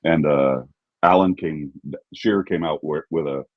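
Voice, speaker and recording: Deep husky man, halting storyteller. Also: no room sound, dull audio. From California. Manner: halting storyteller, repeats words. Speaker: guest fan. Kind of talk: casual chat.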